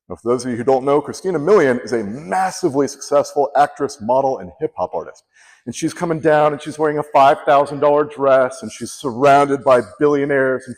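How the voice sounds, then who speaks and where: A man giving a humorous storytelling speech, acting out the people he quotes. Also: mid-range voice. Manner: animated, acts out quoted people. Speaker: contest speaker. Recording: long hall reverb.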